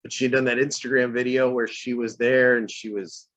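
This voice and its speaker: A man co-hosting a podcast, telling a story in an animated way and getting worked up. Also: medium pitch, fairly quick. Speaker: podcast co-host. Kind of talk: casual podcast chat. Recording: dull lo-fi audio.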